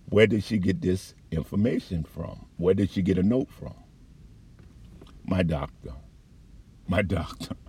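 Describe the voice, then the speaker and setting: A man's voice: low voice, a little mellow, husky. A man giving a heated, profane, rambling account of his complaints as a patient. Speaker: patient telling his story. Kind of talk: angry personal account.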